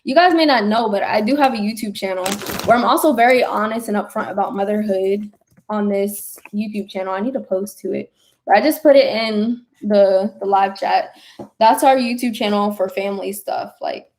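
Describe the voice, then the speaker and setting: A young woman hosting a spiritual livestream, gushing and excitable as she talks straight to viewers and chats about their comments. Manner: quick bursts of high excited exclamations. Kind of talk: casual livestream chat reading comments.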